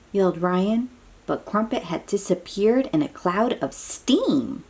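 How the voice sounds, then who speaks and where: A woman's voice: mid-range voice, animated, takes it slowly, a little mellow. A woman reading a picture book aloud to young children, with exclamatory, chatty asides to her little listeners. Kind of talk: read-aloud storytelling for children.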